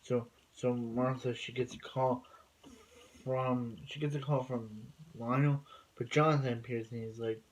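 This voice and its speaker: A man's voice: mid-range voice, fairly even intonation, unhurried, poor audio. A man casually recapping a TV episode, rambling and filling gaps with many fillers and restarts. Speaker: TV episode reviewer.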